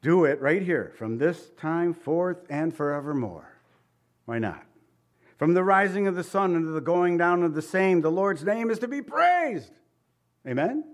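A man preaching a sermon, his voice sitting a touch higher than most men's. He swings between reading scripture aloud and animated, chuckling asides to the congregation. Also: a little slow. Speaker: pastor.

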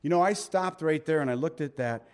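A man preaching a sermon, swinging between loud emphatic lines and hushed soft ones. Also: fairly high pitch, a little fast, smooth. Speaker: pastor.

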